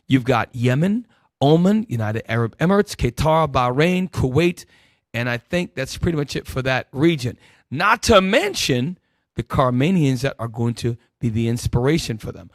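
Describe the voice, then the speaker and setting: A man leading a Bible teaching sermon, calling out verses and swinging between loud emphatic bursts and low asides. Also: sing-song, moderate pace, no room sound. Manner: calls out verses and directs helpers.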